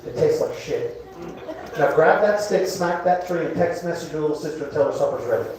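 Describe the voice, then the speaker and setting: A man voicing a gruff male Bigfoot with a Southern drawl, giving crude fatherly advice to his son. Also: a little high, lively intonation, a little fast, distant mic, noisy background. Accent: American Southern. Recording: echoey club recorded from afar.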